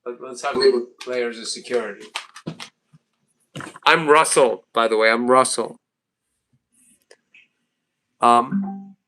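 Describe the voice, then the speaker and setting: A man's voice: mid-range voice, slow, long pauses, pushed and bright, slight background noise. A man hosting a livestream group call, chatting casually and jokingly, often repeating himself. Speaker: livestream host.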